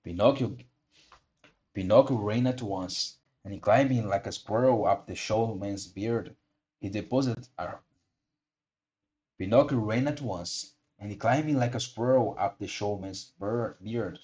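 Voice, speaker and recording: A man narrating a classic storybook aloud in a measured pace, with occasional slips and re-reads. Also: on the low side, darkish tone. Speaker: audiobook reader.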